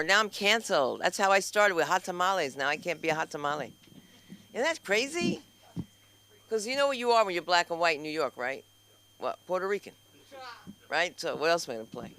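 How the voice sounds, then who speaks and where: A man emcees an open mic from a club stage, his voice sitting high and sounding bright and ringing. He rattles off jokes and talks straight to the crowd between acts. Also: lively intonation, quick pace, slight background noise. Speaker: comedy show host. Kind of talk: stand-up hosting banter.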